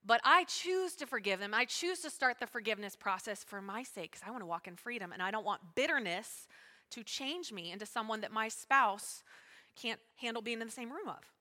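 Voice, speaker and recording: A woman pastor preaching a sermon, talking fast and emphatically and calling out to her congregation. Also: a little high, expressive, bright, forceful tone. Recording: long hall reverb.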